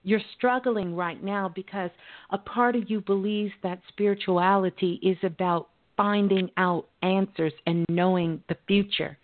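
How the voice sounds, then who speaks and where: A woman hosting a call-in radio show, giving calm spiritual advice with folksy, chatty asides. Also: mid-range voice, a little slow. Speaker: radio call-in host and psychic medium. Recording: phone-like narrow audio.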